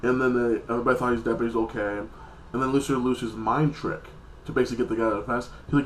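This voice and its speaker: A man's voice: mid-range voice, fairly even intonation, racing. Man, casual episode recap, rambling and loose, echoey room, faint hum. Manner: rambling, loose, heavy filler words. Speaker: TV episode reviewer.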